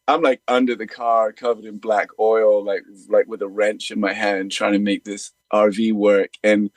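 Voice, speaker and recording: A man's voice: lowish voice, a little mellow, no room sound. A man, a musician guest, telling stories in an earnest, rambling way with many fillers. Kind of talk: reflective storytelling in conversation.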